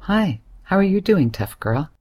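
A woman reading the part of a hesitant but serious young man, a gentle family friend, in an audiobook. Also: high-pitched, very animated, measured pace, husky, voice pushed up, exaggerated voice. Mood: friendly. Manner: hesitant yet serious, soothing.

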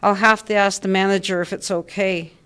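A hesitant female office supervisor who talks in careful, bureaucratic terms, as a woman reads her lines. Her voice is mid-pitched and ordinary. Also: level tone, fairly quick, a bit bright, clean tone, lightly acted.

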